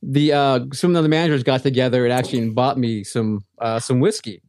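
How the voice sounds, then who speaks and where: A man co-hosting a casual podcast from a home basement, relaxed and easygoing, with frequent fillers and laughs. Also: medium pitch, a little fast, no echo, studio quality. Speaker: podcast co-host. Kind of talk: casual chat.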